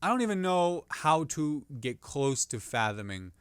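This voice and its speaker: A man hosting a comedy podcast, riffing on the news in a rambling, animated way and restarting jokes mid-sentence. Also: fairly high pitch, a little slow, clear, resonant tone, no room sound, studio quality.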